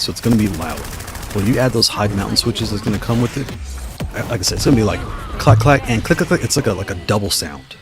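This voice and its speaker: Streamer, male, lively low voice, game music behind. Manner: excitable, talks to opponent, laughs often. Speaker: gaming streamer. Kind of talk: live gameplay commentary.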